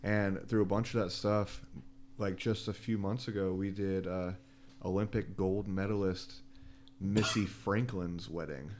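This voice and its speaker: A young man co-hosting a casual podcast, relaxed and jokey, often saying "like". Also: low-pitched, measured pace, slight background noise. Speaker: podcast co-host, small business owner.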